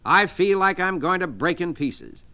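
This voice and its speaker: A man's voice: sits high, very animated, pushed and bright, voice pushed up, full character voice. A man voicing a tense, argumentative businessman who growls about his nerves. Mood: irritable. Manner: growling, quick complaint. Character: tense snappy businessman on edge.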